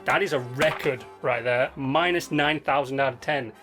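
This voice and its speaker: A man's voice: mid-range voice, normal speed. A man hosting a gaming video, reviewing player builds in casual, slangy commentary that rambles with fillers and restarts. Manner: laid-back, slangy and rambling with many ums and restarts. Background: faint background music.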